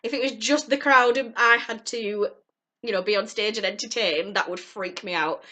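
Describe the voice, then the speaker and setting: A woman's voice: medium pitch, normal speed, bright, forceful tone. A young woman talking earnestly to camera in a heartfelt, rambling vlog from home. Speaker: vlogger. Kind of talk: encouraging vlog talk to camera.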